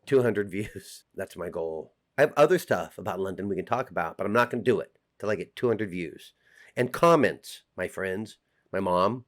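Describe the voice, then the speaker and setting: A man's voice: sits low, expressive, normal speed. A middle-aged man with an American accent, talking casually and jokingly straight to the camera as a vlogger. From United States. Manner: chatty, joking, direct address to viewers.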